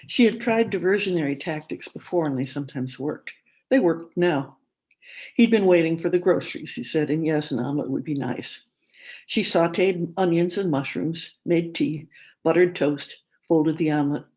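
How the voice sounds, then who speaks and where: A woman speaking at a conference, reading a literary story aloud in a measured narrating manner. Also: sits low, a little mellow, poor audio.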